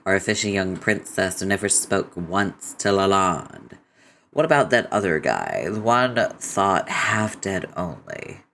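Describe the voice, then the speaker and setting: A man's voice: low voice, very animated, unhurried, creaky, pushed and bright, slight background noise, full character voice. A man voicing a sly, catlike young woman in a webcomic read-aloud, arch and mock-grand. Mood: teasing.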